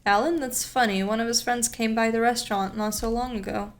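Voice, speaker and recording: A woman's voice: fairly high pitch, fairly even intonation, a little fast, close to an everyday voice. A woman voicing a cheerful middle-aged Greek man who runs a restaurant, speaking in a friendly, chatty way.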